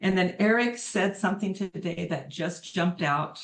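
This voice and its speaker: A woman's voice: lowish voice, normal speed. Middle-aged woman, heartfelt testimonial on a video call, earnest and effusive. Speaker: testimonial speaker on a live call.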